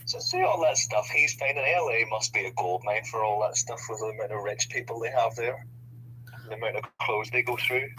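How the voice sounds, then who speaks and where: A man's voice: medium pitch, brisk, sharp tone, a little hiss or hum, low-quality recording. A man with a non-native accent chatting casually as a caller, joking and self-deprecating. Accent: non-native English. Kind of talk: casual chat.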